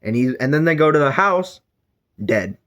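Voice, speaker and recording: A man's voice: a little high, animated, normal speed, a bit bright. A man giving a casual book review, rambling with lots of fillers and self-corrections.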